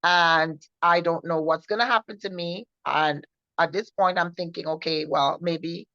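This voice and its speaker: A woman co-hosting a faith show, recounting her personal testimony in an earnest, halting way with many restarts. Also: fairly low pitch, steady tone, fairly bright tone, dry recording. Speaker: co-host sharing her testimony. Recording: dull, muffled sound.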